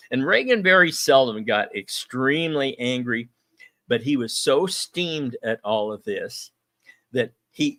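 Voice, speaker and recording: A man's voice: mid-range voice, fairly bright tone, dry recording. Man hosting a folksy political talk show. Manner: conversational, folksy, frequent ums and uhs.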